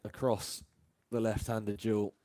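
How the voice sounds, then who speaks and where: A man from England doing live ball-by-ball cricket commentary, chatty and quick to laugh between deliveries. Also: fairly low pitch, level tone, mellow, dry recording.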